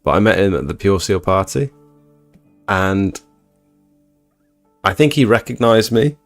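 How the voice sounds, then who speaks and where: A young man hosting a live stream, reading chat and chatting in a laid-back, low-energy way. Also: lively intonation, a little slow, no room sound, soft background music. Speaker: livestream host reading chat.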